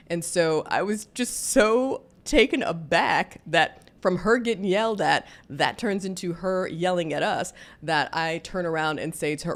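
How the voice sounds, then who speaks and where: Woman, 40s, low voice, candid casual storytelling. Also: a little slow. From Deep South, US. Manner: candid, conversational, with many fillers. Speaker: vlogger.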